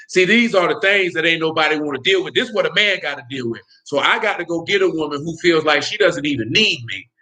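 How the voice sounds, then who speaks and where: A podcast host with a high, bright voice gives casual commentary, blunt and heated, swearing freely. He keeps asking "you know what I'm saying" to check his listeners are with him.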